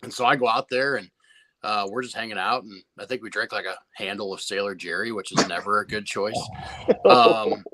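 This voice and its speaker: A man with a bright, forceful voice recounts his competition barbecue past in an easygoing guest interview. He talks loosely and profanely, circling back and restarting his sentences. The sound is close and dry, with no room echo. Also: lowish voice, fairly even intonation, brisk. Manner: laid-back, swears freely, many restarts. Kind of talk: casual storytelling interview.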